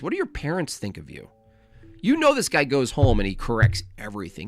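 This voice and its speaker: A man's voice: medium pitch, huge pitch swings, fairly quick, soft background music. A man hosting a livestream, giving sarcastic, rambling comic commentary. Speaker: livestream host. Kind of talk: comedic live commentary.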